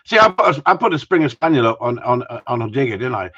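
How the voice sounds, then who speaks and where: A man's voice: mid-range voice, sing-song, quick pace, pushed and bright. A man hosting a live stream, chatting in a cheeky, sweary, rambling way that jumps between topics. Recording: dull lo-fi stream audio.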